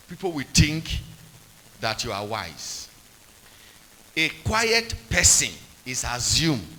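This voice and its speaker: A man's voice: mid-range voice, bright, forceful tone, rough recording. A man preaching a sermon, repeating points and quizzing the congregation with call-and-response questions.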